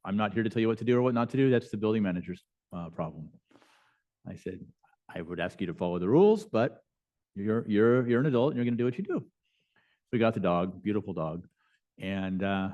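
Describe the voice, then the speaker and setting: A man's voice: lowish voice, darkish tone, dull audio. A man, a bishop and chaplain, telling stories in a conversational lecture with frequent fillers and restarts. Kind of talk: lecture storytelling. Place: lecture hall.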